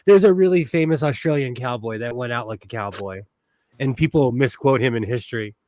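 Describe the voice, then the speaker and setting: A man's voice: mid-range voice, fairly quick, darkish tone, dry recording. A man, hosting a casual livestream while he sews, rambling and sentimental with lots of fillers. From United States. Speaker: host.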